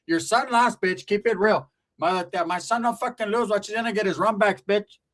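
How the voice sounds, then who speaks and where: A man doing a loud foul-mouthed auntie, slightly higher voice, mocking tone. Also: a little fast. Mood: scolding. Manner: cussing, mocking. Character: foul-mouthed, brash middle-aged aunt.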